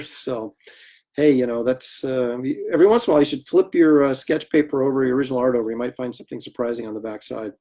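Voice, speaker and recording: Chatty man telling stories while drawing. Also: mid-range voice. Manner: chatty, animated anecdotes with laughter and acted quotes. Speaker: comic artist hosting a livestream. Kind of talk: casual storytelling while drawing.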